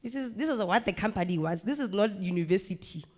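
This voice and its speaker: A woman gives a lively, coaching workshop presentation to a training group. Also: medium pitch. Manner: lively, coaching, acts out quick scenes. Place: training room. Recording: reverberant training room.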